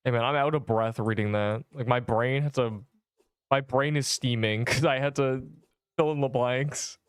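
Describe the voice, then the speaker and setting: A man's voice: mid-range voice, moderate pace, smooth, no echo. Young man streaming, joking and slangy. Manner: joking, mock-dramatic outbursts, slangy. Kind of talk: casual livestream chat while gaming.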